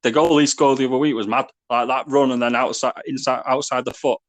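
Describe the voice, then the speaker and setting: A man's voice: mid-range voice, fairly even intonation, a little fast, no echo. A man co-hosting a casual football podcast, laughing often, swearing and calling his friend "mate". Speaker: podcast co-host.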